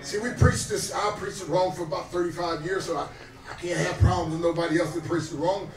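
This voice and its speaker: A man in his fifties preaching a sermon as pastor, swinging between soft asides and shouted exhortations that call out to the congregation. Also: high voice, steady tone, a little fast, a little hiss or hum. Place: restaurant dining room. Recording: roomy echo, distant mic, faint music.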